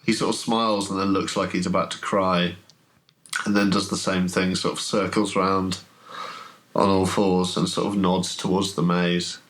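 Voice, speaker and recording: A man running a horror tabletop game as game master, describing scenes in a halting way with many fillers. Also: low-pitched, level tone, a bit bright, poor audio.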